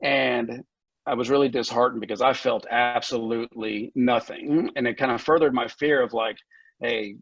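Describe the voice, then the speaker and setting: A man guesting on a podcast tells the story of his recovery and of founding a recovery center, candid and profane, laughing often and at times getting emotional. His mid-range voice is fairly bright and slightly rough, with a fairly even intonation at a normal speed. The podcast audio is dull and lo-fi, with no room sound.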